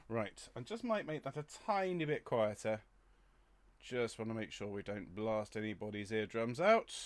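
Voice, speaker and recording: A man of medium pitch, recorded with no room sound. In a livestream rehearsal chat from his home studio, this middle-aged choir director leads his online choir and says hello to viewers by name.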